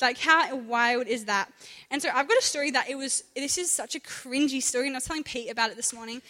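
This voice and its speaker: Young woman, youth speaker, high-pitched and chatty, caught in a reverberant hall. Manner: chatty, animated, acts out voices. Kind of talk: casual youth talk on scripture. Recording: echoey hall.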